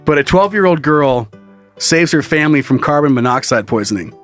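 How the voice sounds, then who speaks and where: A man's voice: on the high side, fairly quick, faint music behind. A man co-hosting a comedy podcast, telling stories in casual, profane chat and laughing often. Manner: animated, profane storytelling with frequent laughs. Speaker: podcast co-host.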